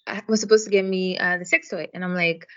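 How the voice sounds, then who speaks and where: A woman's voice: on the low side, steady tone, quick pace, a bit bright, lo-fi sound. A woman co-hosting a podcast, telling a story in casual chat. She talks frankly, swears often and fills her sentences with "like" and "um". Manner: frank, profane storytelling full of "like" and "um". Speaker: podcast co-host.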